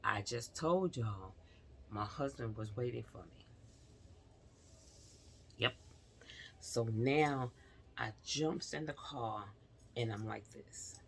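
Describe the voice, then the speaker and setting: Slow, gravelly-voiced woman telling her story. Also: extremely low pitch, a little hiss or hum. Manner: addresses viewers directly, earnest and confiding. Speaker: vlogger. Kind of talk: personal storytelling to viewers.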